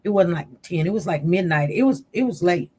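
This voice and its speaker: A woman's voice: fairly low pitch, brisk, slightly rough. A woman telling her viewers a personal story, casually, acting out the people she quotes. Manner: chatty, animated retelling with quoted voices. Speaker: channel host.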